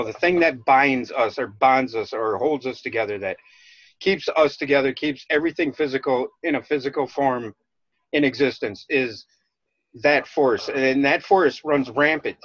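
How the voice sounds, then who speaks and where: A man's voice: mid-range voice, fairly bright tone, no echo. Rambling Minnesota man on a dull line. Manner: rambling, halting with restarts. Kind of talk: casual chat. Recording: dull lo-fi dry sound.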